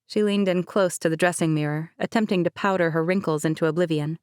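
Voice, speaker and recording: This is scripted audiobook narration from a woman whose fairly low voice stays measured and even throughout. Her recording is close-miked, smooth and dry, free of room sound.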